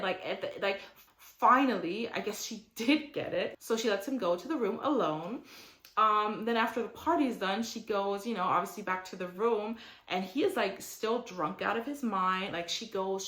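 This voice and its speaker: A woman's voice: medium pitch, fairly bright tone. A young woman recaps a reality show in casual, opinionated chatter, leaning on "like" and slipping into mocking impressions of the cast. Her voice sits in a middle register. The recording carries a noticeable room echo. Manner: chatty and opinionated, heavy use of "like", mocking quotes in character.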